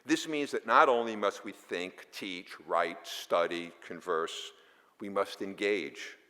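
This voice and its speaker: A man delivers a formal welcome speech in a very low voice, dropping in dry, wry asides. He often stumbles and restarts his words. His voice carries the long reverb of a large auditorium. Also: slow pace, bright, forceful tone. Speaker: foundation board chair giving greetings.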